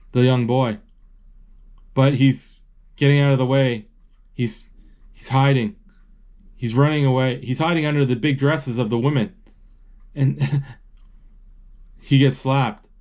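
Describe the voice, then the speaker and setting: A man casually retelling a film as he watches it, halting and searching for words, with excited exclamations. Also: medium pitch. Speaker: movie narrator.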